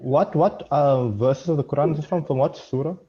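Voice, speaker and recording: A male student on an online class call asks his teacher polite, halting questions. His voice is dark and a little husky. The audio is dull and lo-fi. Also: on the high side.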